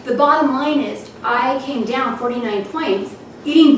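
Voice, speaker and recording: A woman's voice: sits high, unhurried. A woman giving an emotional personal testimony at a health event, laughing through tears as she talks. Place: event hall. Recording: distant, echoey hall with noise.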